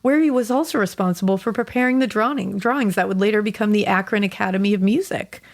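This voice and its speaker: A woman's voice: mid-range voice, fast talker. A woman co-hosting a podcast, chatting casually and reading a listener's story aloud with frequent laughs and casual swearing. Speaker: podcast co-host.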